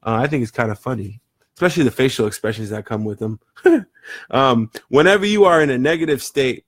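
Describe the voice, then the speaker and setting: A man's voice: mid-range voice, dry recording. Earnest guy rambling about mindset, repeats himself a lot, dry close sound. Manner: earnest, rambling, repeats words while thinking. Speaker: motivational vlogger. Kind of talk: reflective casual monologue.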